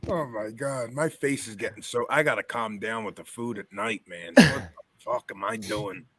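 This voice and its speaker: A man co-hosting a podcast, excitable and laughing at himself in casual banter. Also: mid-range voice, moderate pace. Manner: excitable, laughing, self-mocking. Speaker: podcast co-host.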